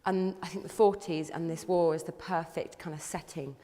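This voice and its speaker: A woman's voice: lowish voice, fairly even intonation, moderate pace, mellow. A woman actor speaking thoughtfully in a documentary interview. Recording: long reverberant hall sound.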